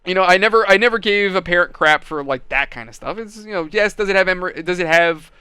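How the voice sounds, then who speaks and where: A man's voice: high-pitched, fast, bright, forceful tone, clean tone, no echo. A man hosting a casual gaming and hobby channel, telling stories and giving opinions in a blunt, profane, mocking way. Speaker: channel host.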